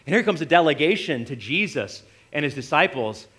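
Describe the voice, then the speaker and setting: A man preaching a sermon, retelling Bible stories with animated voices for the disciples. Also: fairly high pitch, fairly quick, breathy edge. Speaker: pastor.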